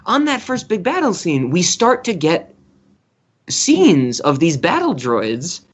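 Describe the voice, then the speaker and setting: A man co-hosting a film podcast, excitable and swearing freely as he laughs through his review. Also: sits high, takes it slowly, slightly rough. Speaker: podcast co-host. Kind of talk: casual film review chat.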